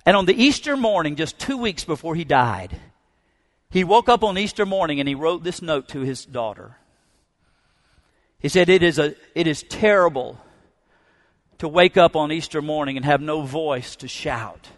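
A middle-aged man preaches in a church, his voice sitting a touch higher than most men's. He tells his stories with fervor and builds them toward a rousing call. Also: animated, moderate pace, fairly bright tone. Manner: storytelling, fervent preacher. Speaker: pastor. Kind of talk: sermon. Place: church sanctuary.

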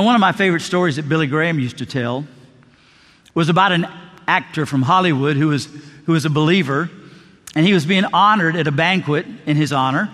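A male pastor preaching a sermon, dramatic, slowing and dropping low on key words. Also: fairly bright tone. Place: church sanctuary. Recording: long reverb of a large hall.

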